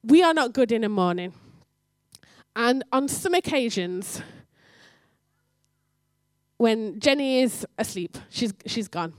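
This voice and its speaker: A woman giving a sermon in church, telling a story and acting out the dialogue with lively energy. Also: a little high, slow, pauses often, dry recording, clean studio sound. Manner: animated storytelling, acts out dialogue. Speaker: church speaker.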